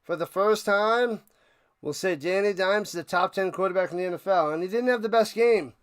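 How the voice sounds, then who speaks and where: A man hosting a live watch party, calling plays casually and chatting with viewers, bursting into loud hype on big plays. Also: high-pitched, fairly quick, clear, resonant tone. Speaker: watch party play-by-play host. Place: home room, his man cave.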